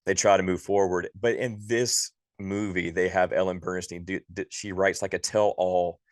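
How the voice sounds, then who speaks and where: Male podcast co-host, very low voice, dry close sound, exasperated and profane ranting. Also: flat delivery, normal speed, no echo. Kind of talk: casual movie review chat.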